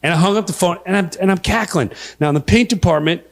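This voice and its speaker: A middle-aged man telling a story in live stand-up, animated and laughing at his own tale. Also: sits high, quick pace, creaky. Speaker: stand-up comedian.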